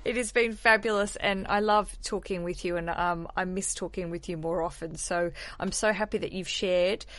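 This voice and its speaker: A woman's voice: on the low side, fairly even intonation, normal speed, hardly any pauses, dry recording. A woman hosting a podcast, chatting candidly and swearing casually. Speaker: podcast host.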